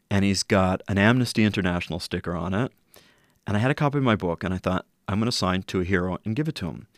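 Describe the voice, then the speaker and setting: A middle-aged man telling a personal story in an earnest, reflective way, slowing down at key moments. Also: deep voice, no room sound, studio quality. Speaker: interview guest.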